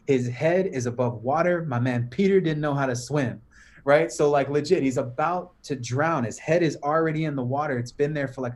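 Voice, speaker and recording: Slangy man telling a story. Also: medium pitch. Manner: slangy, animated, says "bro" and "right?" often. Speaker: podcast guest. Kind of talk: casual storytelling pep talk.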